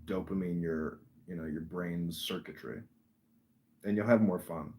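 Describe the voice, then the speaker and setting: A man's voice: low-pitched, a little slow, a little mellow. A man hosting a podcast, chatting casually with rambling, encouraging talk full of fillers. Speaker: podcast host. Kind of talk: casual chat.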